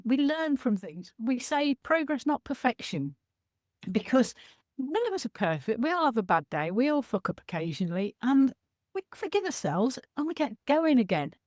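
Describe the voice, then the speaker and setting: A woman's voice: sits high, very animated, moderate pace, a little mellow, no room sound, studio quality. A woman in her sixties, talking frankly and animatedly as a sobriety coach on a video call, laughing easily. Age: 60s. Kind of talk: casual talk on a video call.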